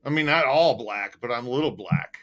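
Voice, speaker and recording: A man's voice: medium pitch, brisk, a bit bright. A man co-hosting a casual live-stream chat, joking around and laughing often. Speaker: co-host.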